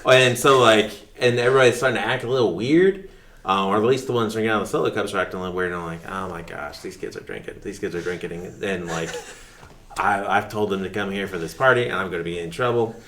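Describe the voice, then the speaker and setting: A man's voice: fairly low pitch, quick pace, fairly bright tone, a little hiss or hum. A man, a teacher telling a story on a podcast with many restarts and quotes. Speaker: teacher and coach. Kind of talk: telling stories in a podcast interview.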